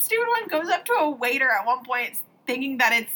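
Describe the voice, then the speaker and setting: A woman co-hosting a podcast in casual chat, talking with lots of fillers and quick asides. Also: sits high, poor audio. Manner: chatty, filler-heavy, lively with quick asides. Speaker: podcast co-host.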